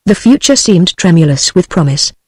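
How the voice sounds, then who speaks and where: A woman's voice: lowish voice, very animated, moderate pace, breathy edge, dry recording. Synthetic British woman reading a novel. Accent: British English. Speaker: narrator.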